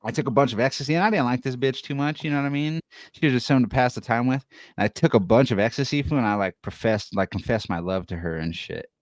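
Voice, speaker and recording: A man's voice: mid-range voice, quick pace, no echo, clean studio sound. A young man from Denver telling rambling, profane stories in a casual podcast chat, laughing as he goes. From Denver, USA. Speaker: podcast co-host.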